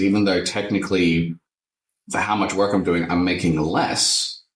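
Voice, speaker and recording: A tattoo artist who hosts a podcast chats casually and animatedly in a low-pitched voice, swearing freely and using plenty of fillers. The rough recording sounds reverberant, picked up by a distant mic.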